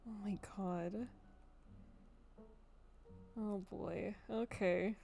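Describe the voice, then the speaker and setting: A woman's voice: mid-range voice, slow pace, creaky, pauses often, a little mellow, faint music behind. A woman streaming a story game live, reading choices and making playful, giggly asides.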